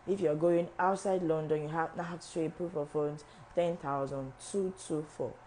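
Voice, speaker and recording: Low-voiced woman hosting a live session. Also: mellow, slight background noise, low-quality recording. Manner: repeats and restarts phrases, talks directly to viewers. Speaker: visa officer at a travel agency. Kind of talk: live-stream information session.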